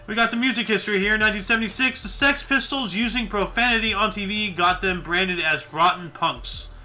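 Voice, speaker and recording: A man's voice: sits high, fairly quick, pushed and bright, faint music behind. A man co-hosting a casual history show, reading out dates and events and joking between them. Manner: jokey, reads out dates and events. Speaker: co-host reading history facts. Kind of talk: casual chat.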